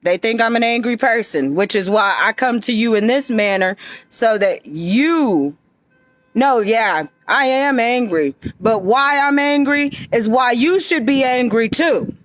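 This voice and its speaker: A woman's voice: a little high, expressive, a little slow, no echo. A woman giving an emphatic, confrontational monologue straight to her viewers. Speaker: vlogger addressing viewers. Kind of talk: direct-to-camera monologue.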